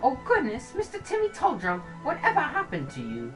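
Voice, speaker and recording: A woman's voice: high-pitched, huge pitch swings, a little fast, pitched above the performer's own voice, poor audio. A woman voicing a kindly, fussy older shopkeeper who dotes on her cat, over game music. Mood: doting. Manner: sweet, fussing, endearments. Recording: game music playing under the voice.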